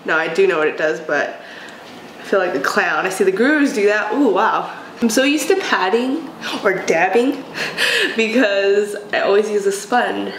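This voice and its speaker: Excitable sick woman in an echoey room. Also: medium pitch, measured pace, slight background noise. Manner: gushing, excitable, self-deprecating. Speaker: beauty vlogger. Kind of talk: casual get-ready-with-me chat. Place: home, doing her makeup.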